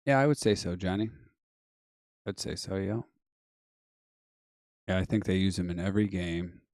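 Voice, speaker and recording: A man hosting a live-stream call-in show, chatting casually and rambling with lots of fillers while reading out viewer comments, his voice going hoarse. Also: low-pitched, normal speed, darkish tone, no echo, studio quality. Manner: rambling, offhand, many fillers and trailing asides. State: losing his voice.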